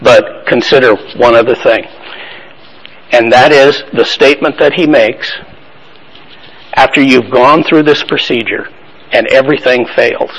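Man, Bible study teacher, medium pitch, plain-spoken, asks the class questions. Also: unhurried, pauses often, a bit bright, slightly rough, dull audio.

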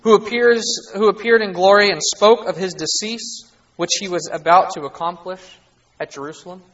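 A man's voice: sits high, steady tone, moderate pace, a bit bright, lo-fi sound. A man teaching a Bible lesson as a preacher, earnest and emphatic, pushing his voice up to stress key points.

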